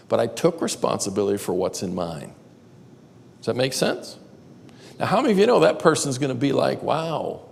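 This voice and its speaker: A man's voice: medium pitch, creaky. A man teaching a live seminar to an audience in a church auditorium, talking conversationally and quizzing the listeners with questions. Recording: reverberant live hall.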